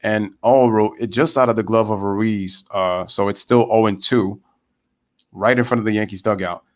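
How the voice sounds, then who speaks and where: A young man giving casual live baseball play-by-play, chatting with viewers and going off on animated rants. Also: fairly low pitch, normal speed. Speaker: live baseball commentator and streamer.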